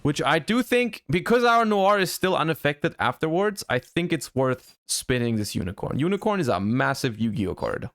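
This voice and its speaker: A man streaming a card game live, thinking his plays through out loud, with sudden excited outbursts. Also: fairly high pitch, normal speed, hardly any pauses, no room sound. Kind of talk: live-stream gameplay commentary.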